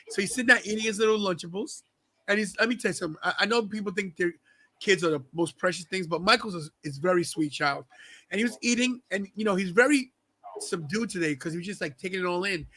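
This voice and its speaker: High, bright, lively man co-hosting. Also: no room sound. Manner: lively, shouts when acting out quotes. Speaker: podcast co-host. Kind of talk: casual chat watching wrestling.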